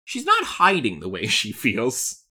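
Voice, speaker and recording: A woman co-hosting a podcast, chatting casually about a cartoon series, animated and laughing often. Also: a bass voice, unhurried, slightly rough. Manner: animated, laughs often, puts on silly voices. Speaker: podcast co-host.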